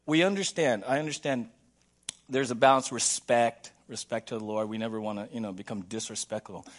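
A man preaching a sermon as pastor in a church, playful and animated, acting out little scenes for the congregation. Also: mid-range voice, fairly quick. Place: church sanctuary.

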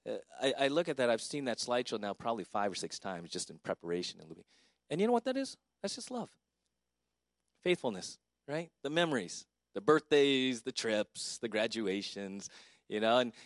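A man's voice: lowish voice, big pitch swings, moderate pace, no room sound. Man, middle-aged pastor, memorial eulogy, conversational, dry sound. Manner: conversational, warmly personal, with filler words.

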